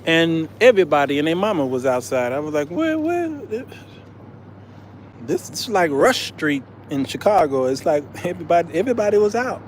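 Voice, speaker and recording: A man's voice: fairly high pitch, expressive, quick pace, hardly any pauses, a little hiss or hum. An American man hosting a casual travel vlog, telling a story with laughter and calling his viewers "y'all.". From United States. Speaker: vlogger, show host.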